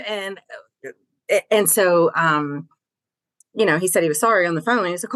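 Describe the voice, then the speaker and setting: A middle-aged woman with a low-pitched voice recounts her story openly and plainly. She swears casually and fills her sentences with ums and likes. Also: a little fast, fairly bright tone. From Tennessee. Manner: frank, swears casually, many fillers. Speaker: guest. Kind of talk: candid personal storytelling.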